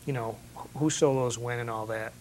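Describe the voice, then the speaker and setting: A man's voice: mid-range voice, fairly even intonation, normal speed, slight background noise. A man interviewing a musician, asking curious questions and giving short affirmations. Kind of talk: casual interview.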